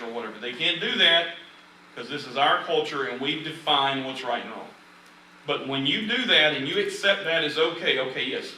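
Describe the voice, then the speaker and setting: A man's voice: mid-range voice, bright, forceful tone, a little hiss or hum. A man teaching a church Bible study in a conversational, emphatic way. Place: church room. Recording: echoey room, distant mic.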